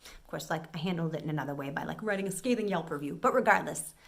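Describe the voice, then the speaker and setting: A woman's voice: low voice, fast talker, vocal fry. A middle-aged woman from an Italian-American family, telling an exasperated story as a vlogger and acting out what people said. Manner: animated, exasperated, acts out quotes. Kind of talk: casual storytelling rant.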